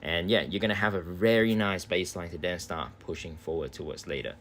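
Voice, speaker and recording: A man's voice: deep voice, steady tone, fairly quick, fairly bright tone, a little hiss or hum. An Australian man chatting casually on a live game stream from home, laid-back and swearing freely. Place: indoors at home.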